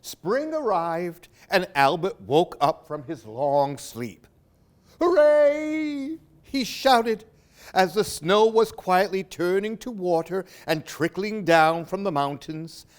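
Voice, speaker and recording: A man's voice: high-pitched, lively intonation, slow pace. A man reading picture books aloud for children, with playful asides to young listeners. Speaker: library storytime reader.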